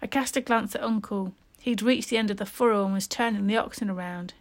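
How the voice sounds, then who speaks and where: A woman's voice: mid-range voice, fairly even intonation, a little fast. Woman reading a storybook aloud. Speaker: storybook reader. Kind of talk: first-person story narration.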